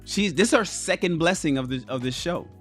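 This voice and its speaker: A man's voice: on the high side, expressive, fairly quick, soft background music. A man hosting a livestream, giving casual commentary, swearing freely and talking straight to his chat. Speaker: livestream host.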